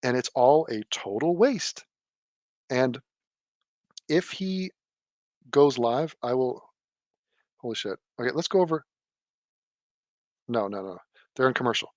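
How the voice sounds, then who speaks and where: Man, mid-pitched, sarcastic live commentator, dry close sound. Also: expressive, a little slow, pauses often, darkish tone, dry recording. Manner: sarcastic, mocking, mimics people in a low mumble. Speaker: political commentator.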